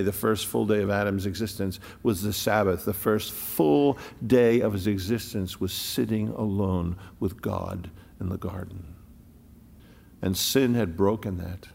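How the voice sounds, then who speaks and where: A male pastor delivers a sermon in a low, gravelly voice that rings through a long church reverb. He rises to loud declarations, then sinks into slow, hushed, nearly whispered phrases, stressing individual words.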